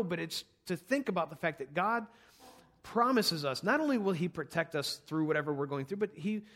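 High-voiced male pastor preaching. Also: fairly bright tone. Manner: earnest, conversational preaching with numbered points. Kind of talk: sermon.

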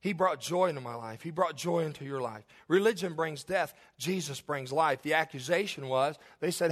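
A man preaching a sermon as pastor, emphatic and rising into loud bursts. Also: a little high, moderate pace, hardly any pauses.

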